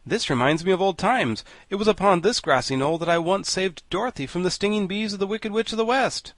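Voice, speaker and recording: A man's voice: high-pitched, fairly quick, no echo, voice pushed up. A man reading an audiobook and voicing a kindly, reflective straw-stuffed scarecrow king who talks in a soothing way. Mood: thoughtful.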